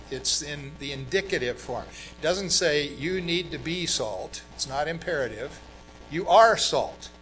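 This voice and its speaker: A man's voice: fairly high pitch, a bit bright, poor audio. A middle-aged man who grew up in Brazil, preaching a sermon in a conversational way, with fillers and emphatic stresses. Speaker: pastor.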